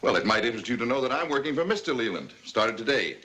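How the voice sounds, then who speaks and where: A man's voice: medium pitch, sing-song, quick pace, sharp tone, slight background noise. An actor playing a stern, fed-up middle-aged widowed father who scolds his daughter in a 1950s TV drama.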